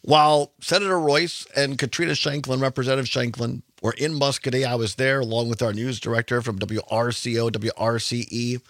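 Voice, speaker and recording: A man's voice: mid-range voice, fairly even intonation, fairly quick, hardly any pauses, a bit bright, dry recording, clean studio sound. A man hosting a radio talk show, giving emphatic, conversational commentary and sometimes correcting himself mid-sentence.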